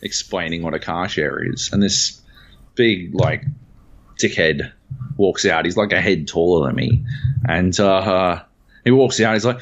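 A man's voice: sits low, a little slow, highs cut off. An Australian man co-hosting a podcast, telling a story in casual chat with lots of swearing. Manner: profane, animated storytelling. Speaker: podcast co-host.

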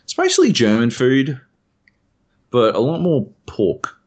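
A man's voice: mid-range voice, wildly swooping pitch, unhurried, darkish tone, breathy edge. A young Australian man, a podcast co-host, rambling through a casual chat and swearing freely.

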